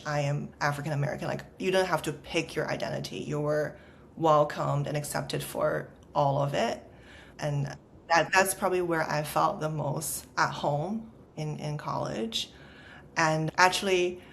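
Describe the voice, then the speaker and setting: She speaks low with vocal fry over slight background noise. This startup founder in her thirties, from China, has a Los Angeles Valley girl accent and chats casually in a podcast interview, scattering "like" everywhere.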